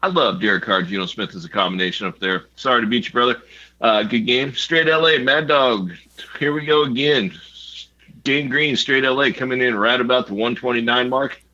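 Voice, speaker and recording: A man's voice: medium pitch, a little fast, bright, forceful tone, dull audio. A man co-hosting a fantasy football league recap, joking and swearing casually. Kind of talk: casual banter.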